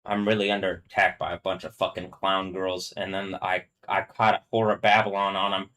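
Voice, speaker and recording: A man's voice: level tone, fairly quick, poor audio. Man ranting angrily on a live stream. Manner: angry, profane ranting; swings from low muttering to loud, high-pitched yelling. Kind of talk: rambling solo live-stream monologue.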